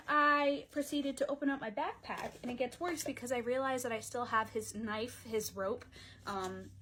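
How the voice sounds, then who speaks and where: Young woman, slightly high voice, casual storytime vlogger, chatty and dramatic, filler-heavy. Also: slight background noise. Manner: dramatic, animated retelling.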